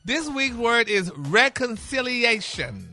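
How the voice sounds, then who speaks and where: Sassy high-voiced man on radio. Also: very animated, takes it slowly, heavy background noise. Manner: sassy, calls people honey. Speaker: gossip and word-of-the-week co-host. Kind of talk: playful radio banter. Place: radio studio.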